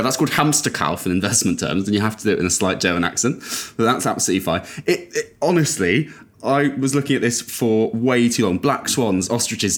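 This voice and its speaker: A man co-hosting a podcast, ranting in exasperation with bursts of incredulous laughter. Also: medium pitch. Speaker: podcast co-host. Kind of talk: casual chat.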